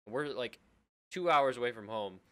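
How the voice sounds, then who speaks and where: Young guy cohost, rambles thru a story, kinda low-key, normal pitch. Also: normal speed, a bit bright. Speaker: co-host. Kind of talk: casual chat on a live-streamed show.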